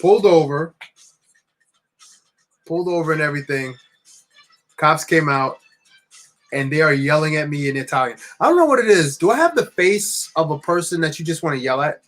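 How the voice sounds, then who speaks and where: Young guy, slightly higher voice, casual storyteller who rambles and restarts, soft music under. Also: normal speed, pauses often. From New Jersey. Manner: rambling, animated anecdote with many restarts. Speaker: LEGO builder streaming. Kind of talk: casual storytelling while building.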